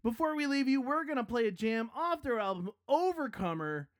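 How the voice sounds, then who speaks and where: Podcast host, casual outro, mid-pitched voice, dry sound, self-mocking, rambling. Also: lively intonation, moderate pace, no echo. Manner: bursts into loud hype yells.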